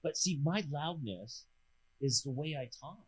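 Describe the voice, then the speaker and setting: A man, a real estate host who talks loudly and projects in casual chat. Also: a little high, unhurried, poor audio. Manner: loud, projecting, animated talker.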